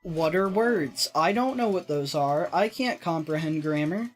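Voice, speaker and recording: Low-voiced woman rambling over gameplay. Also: lively intonation, a little slow, hardly any pauses, soft background music. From Texas. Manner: rambling, self-mocking and jokey, with some swearing. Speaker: let's play host. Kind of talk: casual gaming commentary.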